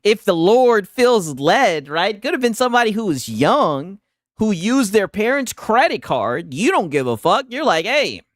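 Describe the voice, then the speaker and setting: A man's voice: sits high, sing-song, unhurried, no echo, studio quality. A man streaming, reacting to a clip with casual commentary and mocking, laughing asides.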